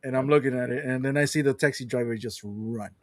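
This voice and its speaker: A man with a Latin American Spanish accent, a native Spanish speaker, co-hosting a podcast over an online call and telling stories in a lively, swearing, casual way. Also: medium pitch, fast, no echo. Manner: animated storyteller, swears freely. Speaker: podcast co-host. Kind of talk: casual chat. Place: Panama.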